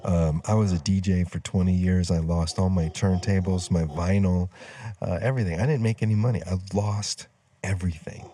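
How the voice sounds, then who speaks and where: A middle-aged man vlogs a personal story among trees outside, drifting off track, losing his thread and leaning on plenty of fillers. He speaks at a moderate pace in a low-pitched, steady, dark-toned voice.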